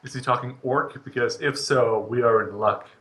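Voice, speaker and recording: A man's voice: medium pitch, fairly even intonation, moderate pace, a bit bright. A man playing in a tabletop game, making dry, wry remarks. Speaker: player. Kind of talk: casual tabletop banter.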